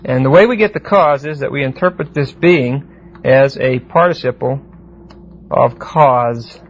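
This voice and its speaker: A man teaching a verse-by-verse Bible class, explaining Greek words deliberately and often asking the class "see?". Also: medium pitch. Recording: muffled lo-fi classroom tape with faint hiss.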